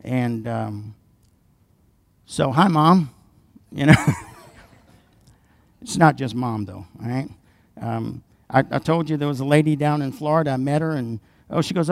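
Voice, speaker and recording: A man preaching a sermon as pastor, dropping into quiet asides and rising loud and emphatic when he reads scripture, calling for responses from the congregation. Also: medium pitch, normal speed, creaky, dry recording.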